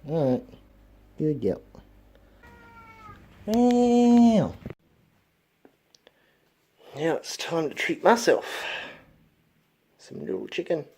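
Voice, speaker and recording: Slow, easygoing male vlogger. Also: a little high, animated, husky. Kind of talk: casual vlog chat.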